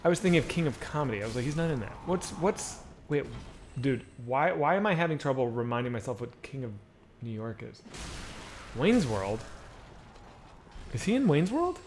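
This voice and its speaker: A man's voice: medium pitch, very animated, moderate pace, pauses often, slight background noise. A man live-streaming a game and chatting casually with his viewers, rambling and swearing freely. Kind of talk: casual live-stream chat while gaming.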